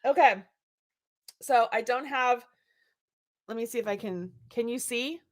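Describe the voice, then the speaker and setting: A woman hosting a casual chat show, telling a story in an animated way and laughing often. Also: fairly high pitch, unhurried. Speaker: show host. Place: home.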